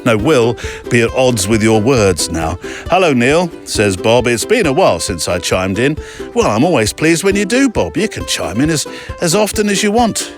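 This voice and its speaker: An English man hosting a podcast, reading listener letters aloud in a chatty, self-deprecating way with lively asides. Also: mid-range voice. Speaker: podcast host.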